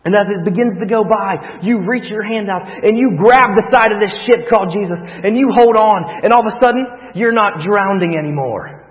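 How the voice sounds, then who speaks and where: A man preaching a sermon, telling a vivid story that swings from hushed to loud. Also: high voice, moderate pace. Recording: long reverb, dull lo-fi sound.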